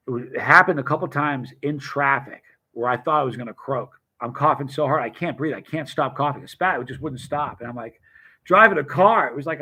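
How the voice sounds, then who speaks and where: A man's voice: medium pitch, sharp tone, breathy edge, low-quality recording. A middle-aged man casually telling rambling personal stories, often restarting his sentences and greeting viewers by name. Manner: rambling, self-interrupting, addresses viewers by name. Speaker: vlogger chatting with live chat.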